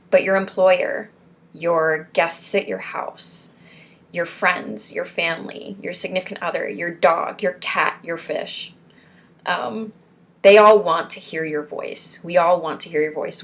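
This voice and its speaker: A young woman from Florida hosts a support group lesson, reading speech exercises aloud and breaking off into encouraging pep talk. She speaks slowly, in a slightly low voice. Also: vocal fry, fairly bright tone. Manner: encouraging, pep-talk asides between read points.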